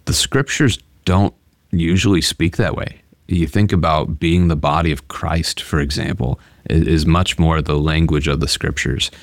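A man's voice: very deep voice, fairly even intonation, a little slow, vocal fry, no room sound. A man who is a pastor, explaining scripture in an earnest, conversational Bible study discussion. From United States. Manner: earnest, explanatory, restarts phrases often.

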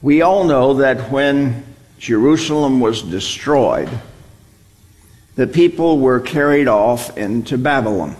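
A man's voice: mid-range voice, lively intonation, slow, darkish tone. A man teaching a Bible study, explaining a passage and repeating key words for emphasis. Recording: long reverb, hall.

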